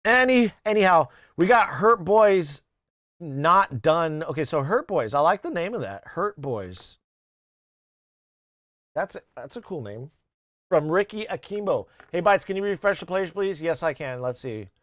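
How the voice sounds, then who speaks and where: A man's voice: fairly high pitch, big pitch swings, a little slow, a bit bright, no echo, highs cut off. A man casually chatting to his live-stream audience, rambling and swearing, who keeps breaking off and sometimes slips into playful mock accents. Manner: rambling, swearing, self-interrupting. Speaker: music streamer.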